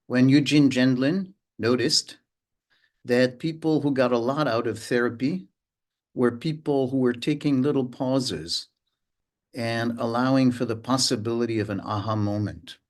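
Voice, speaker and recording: A man teaching a mindfulness lesson, speaking slowly with frequent pauses and sometimes humming or sounding out rhythms. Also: medium pitch. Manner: unhurried, pauses often, hums and vocalizes rhythms to illustrate. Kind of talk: slow, reflective lesson.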